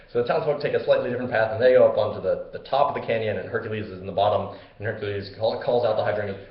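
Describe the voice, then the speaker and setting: A man's voice: on the low side, very fast, few pauses. Rambling, casual male comedic storyteller. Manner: rambling, casual, full of fillers and asides. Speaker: host. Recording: roomy, slightly dull recording.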